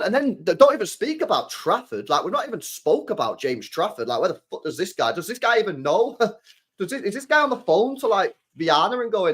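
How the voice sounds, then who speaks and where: A young man, chatting casually about football transfer news, animated, repeating himself and swearing often. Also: sits high, fairly quick. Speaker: football fan channel host.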